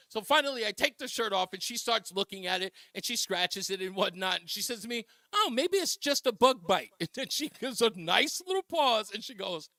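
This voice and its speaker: A man with a high, bright voice hosts a talk radio show, telling stories with lots of animation and frequent laughter. The sound is dry and close. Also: no room sound. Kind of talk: casual talk radio storytelling.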